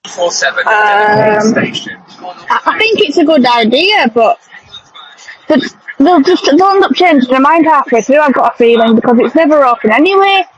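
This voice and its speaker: A woman's voice: high voice, animated, unhurried, highs cut off. A woman on a fan podcast giving offhand, blunt opinions. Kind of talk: casual fan podcast chat.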